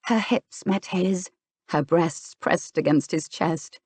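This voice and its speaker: A woman narrating a romance audiobook in an even storytelling manner. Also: lowish voice, takes it slowly, breathy edge, dry recording. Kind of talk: scripted narration.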